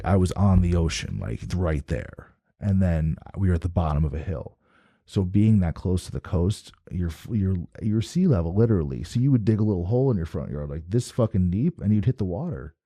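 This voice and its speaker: A man from New Jersey with a low, very dark, mellow voice tells a story in a loose, profane, rambling way, full of restarts. The sound is close and dry, with no room around it. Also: moderate pace, dry recording. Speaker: guest. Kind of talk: casual storytelling.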